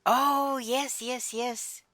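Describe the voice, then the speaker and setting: A young woman streaming a game, chatting casually with her viewers in an expressive, excitable way on a close desk mic. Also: on the high side, very slow, dry recording. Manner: expressive, chatty, gets excited and laughs a lot. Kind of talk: casual live-stream chat.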